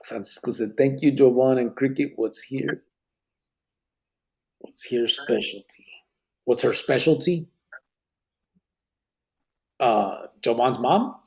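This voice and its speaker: Male podcast host, gravelly and husky, easygoing, reads the chat, sprinkles Spanish. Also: medium pitch, slow pace, pauses often, a little mellow. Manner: laid-back, swears freely, mixes in Spanish words. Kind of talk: casual live podcast chat.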